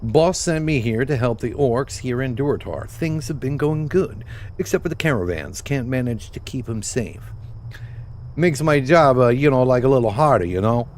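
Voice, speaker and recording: A man voicing a fretful male goblin quest-giver, rambling with lots of halting fillers. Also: mid-range voice, animated, a little mellow, close to an everyday voice. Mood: put-upon.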